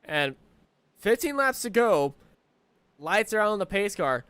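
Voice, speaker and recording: A man calling a live sim racing broadcast as play-by-play commentator, excitable and shouting at the big moments. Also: high-pitched, a little slow, smooth, no room sound.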